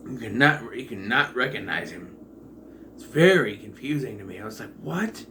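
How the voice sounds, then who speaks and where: A man giving a casual, rambling movie review, full of fillers and the occasional swear, jumping between loud excitement and quiet asides. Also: lowish voice, normal speed, a little hiss or hum. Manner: rambling and digressive, with profanity and many fillers.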